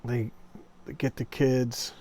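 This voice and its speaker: With a warm, medium-pitched voice, a level tone and a slow pace, a male comic book video host casually reviews old horror comics. He rambles chattily and enthusiastically through the stories, acting out quoted lines along the way.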